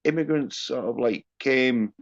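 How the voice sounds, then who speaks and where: A man joins a livestream as a guest, talking in halting bursts full of fillers and casual swearing. His voice sits mid-pitched, and the audio is muffled and lo-fi. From United Kingdom. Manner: halting, filler-heavy, profane. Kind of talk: casual chat. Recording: dull lo-fi stream audio.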